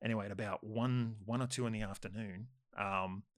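A man's voice: lowish voice, fairly even intonation, a little fast, no echo, studio quality. A man with an Australian accent telling a long, rambling story, full of fillers. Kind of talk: casual chat anecdote.

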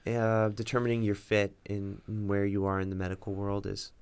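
Young man, deep voice, gravelly fry, measured and hesitant, podcast guest. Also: completely flat delivery, a little mellow. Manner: measured, hesitant, many fillers. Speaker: podcast guest, incoming resident physician. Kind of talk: casual interview talk.

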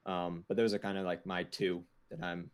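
Low-voiced hesitant man. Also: level tone, normal speed, clean tone. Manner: hesitant, many "um" and "I mean". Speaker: podcast panelist. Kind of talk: casual sports chat.

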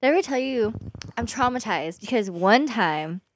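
A woman's voice: on the high side, normal speed, no echo, studio quality. A young woman co-hosting a podcast, telling stories in a casual chat and laughing often. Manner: animated storytelling, laughs often, quotes herself. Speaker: podcast co-host.

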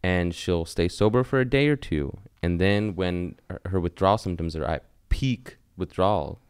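A man's voice: low voice, normal speed, a little mellow, clean tone, no room sound, studio quality. A man talking candidly in a casual conversation, swearing freely and rambling in bursts.

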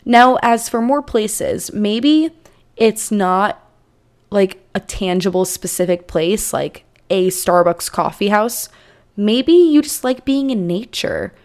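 A woman's voice: medium pitch, lively intonation, slow pace, a little mellow. A young woman talks through advice on her own podcast in a loose, chatty way. She fills the gaps with easy asides and casual fillers, as if talking to a friend. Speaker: podcast host.

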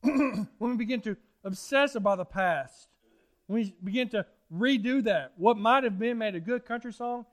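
A middle-aged preacher with a notably high voice. He tells folksy, animated stories from the pulpit, circling back to repeat his points. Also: moderate pace. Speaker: pastor. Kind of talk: sermon.

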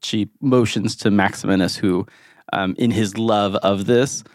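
A man's voice: lowish voice, steady tone, a little slow, no room sound, studio quality. A man narrating as game master, playful and laughing often, with frequent trailing restarts.

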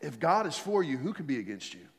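A man's voice: a little high, sing-song, fast talker, big-room sound. A man preaching a sermon as pastor, emphatic and repetitive, leading the congregation in call-and-response. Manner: emphatic, repeats key phrases, leads the congregation in call-and-response.

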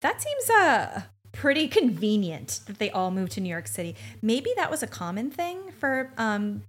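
A woman's voice: a little high, very animated, moderate pace. A woman co-hosting a podcast, joking sarcastically and acting out quotes in casual recap chat. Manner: sarcastic, jokey, acts out quotes. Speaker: podcast co-host.

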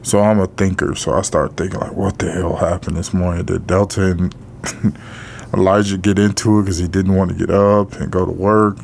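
A middle-aged man co-hosting a podcast, telling a personal story in a halting way, with frequent pauses, fillers and blunt casual profanity. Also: deep voice, little pitch movement, gravelly, a little mellow, slight background noise. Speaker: podcast co-host.

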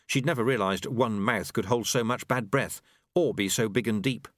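A man reading a novel aloud, voicing the characters' lines by shifting his pitch. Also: normal speed, a bit bright, dry recording, clean studio sound. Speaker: audiobook narrator. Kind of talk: novel narration with character voices.

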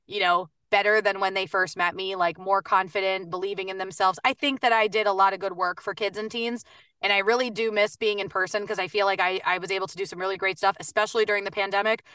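Bright, chatty woman voice coach. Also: medium pitch, fairly even intonation, clean tone, dry recording, studio quality, far from the mic. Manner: chatty, upbeat, quick bursts with many fillers. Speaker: voice actor and coach. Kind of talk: casual podcast interview.

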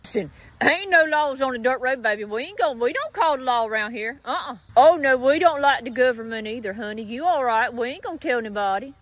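A woman's voice: sits high, expressive, brisk, hardly any pauses, a bit bright, dry recording, poor audio. A woman playing a folksy rural Southern woman who offers help to a crashed alien, speaking with a Southern US accent and a drawling, motherly manner. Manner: drawling, motherly, calls people honey and baby. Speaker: comedy clip character.

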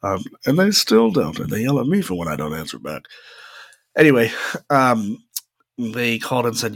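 A man's voice: mid-range voice, very animated, moderate pace, vocal fry, pauses often, no echo, clean studio sound. A young man hosting a podcast, telling rambling personal stories in a chatty way with lots of "uh" fillers. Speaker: podcast host. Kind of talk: casual solo storytelling.

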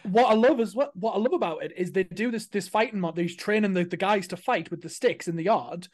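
A speaker in a casual podcast chat, animated and acting out movie scenes while retelling them. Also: medium pitch, brisk.

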